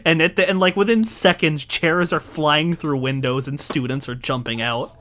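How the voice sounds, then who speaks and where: A man's voice: on the high side, moderate pace, few pauses, a bit bright. A man narrating as game master in a casual, profane way, laughing often.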